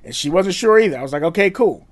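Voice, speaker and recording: A middle-aged man co-hosting a casual chat, telling stories in a profane, animated way with frequent laughs. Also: high voice, fast. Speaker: podcast co-host.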